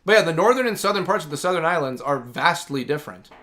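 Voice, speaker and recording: A man's voice: fairly high pitch, expressive, fast, pushed and bright. A man hosting a gaming livestream, chatting casually and enthusiastically, rambling with lots of "like". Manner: rambling and enthusiastic, heavy use of "like". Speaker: livestream host.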